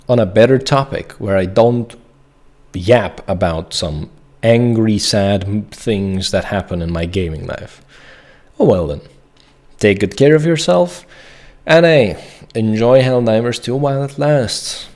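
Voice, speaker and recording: A man's voice: fairly low pitch, lively intonation, a little slow, darkish tone. A man ranting to camera from his home desk about a game, frustrated and heated, apologizing along the way. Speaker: gaming video creator. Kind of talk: to-camera rant.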